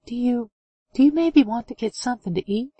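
Breathless stammering young woman, voiced by the female narrator, high, dry studio read. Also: fairly quick, mellow, breathy edge, no echo, dull audio. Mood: anxious. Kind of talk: audiobook character voice.

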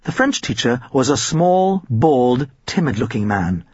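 Husky, expressive male storyteller. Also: medium pitch, unhurried, no room sound, muffled recording. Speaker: narrator. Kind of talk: audiobook narration.

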